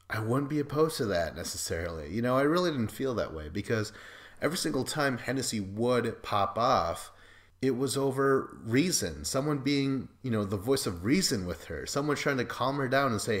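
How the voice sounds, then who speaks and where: A young man with a somewhat low voice hosts a podcast in a loose, rambling monologue. He swears freely and slips into mocking impressions of the people he talks about. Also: expressive, moderate pace. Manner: profane, rambling, acts out quotes in mocking voices. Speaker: podcast host. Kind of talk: casual recap monologue.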